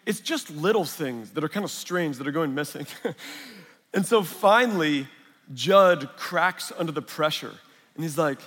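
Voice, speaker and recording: A pastor preaches a sermon, blending chatty storytelling and humor with Scripture. He speaks unhurriedly and expressively in a somewhat high, slightly bright voice, with the long reverb of a large hall around him.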